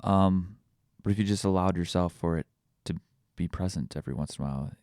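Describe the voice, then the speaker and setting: Low raspy guy rambling thoughtfully, dark mellow tone, keeps restarting his sentences. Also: a little fast, no room sound, studio quality. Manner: musing, searching for words with many restarts. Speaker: podcast host. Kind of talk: casual reflective monologue.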